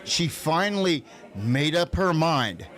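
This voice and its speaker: A man's voice: fairly high pitch, sing-song, slow, a bit bright. A man co-hosting a radio show, making dry, teasing asides in casual chat. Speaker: radio co-host.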